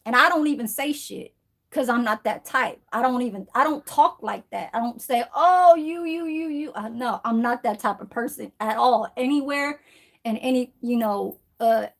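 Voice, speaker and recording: A woman's voice: a little high, moderate pace, vocal fry, fairly bright tone. Chatty woman, rambling and swearing. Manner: chatty, rambling, swears freely, keeps adding "okay?". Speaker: vlogger. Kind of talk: casual vlog chat. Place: at home, indoors. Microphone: phone camera.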